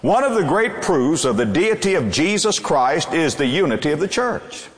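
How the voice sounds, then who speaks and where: Male pastor, slightly high voice, lively preaching cadence, echoey church hall. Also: normal speed. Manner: preaching with sweeping rises and falls. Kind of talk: sermon. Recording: echoey hall, long reverb.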